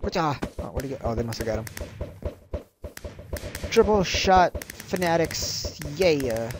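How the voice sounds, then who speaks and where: A man giving rambling live commentary over his own gameplay, reacting loudly and quickly with mild exclamations. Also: mid-range voice, expressive, background noise. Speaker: gaming channel host.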